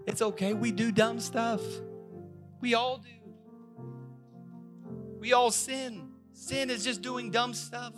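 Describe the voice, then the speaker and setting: A male pastor preaching a sermon with emphatic delivery, repeating phrases and swinging from loud, raised lines to soft, quiet ones. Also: very high voice, fairly even intonation, slow pace, long pauses, over music. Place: church service.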